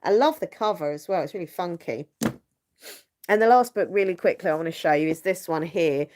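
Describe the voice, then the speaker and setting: A young woman hosts a casual live stream from her bedroom at home, rambling and laughing often as she chats. Her voice is on the low side, fairly quick and a little mellow, with slight background noise.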